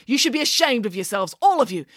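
Woman voicing pompous male vice principal, loud, punchy consonants, indignant, dry close sound. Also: medium pitch, big pitch swings, normal speed, dry recording. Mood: blustering.

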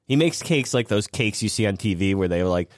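A male podcast host chats casually and laughs often as he tells stories. His voice is lower than average. The sound is dry and close. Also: lively intonation, a little fast, no room sound. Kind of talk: casual chat.

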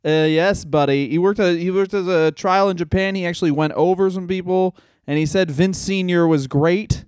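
A man's voice: sits high, normal speed, darkish tone, clean tone, dry recording, studio quality. A man co-hosting a comedy podcast, telling stories in a sarcastic, profane, casual way. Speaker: podcast co-host.

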